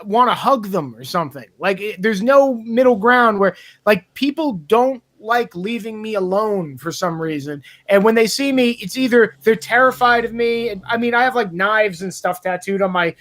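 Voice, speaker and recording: A man on a casual podcast, telling animated stories, acting out quotes and swearing freely. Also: high-pitched, moderate pace, few pauses. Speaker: podcast host.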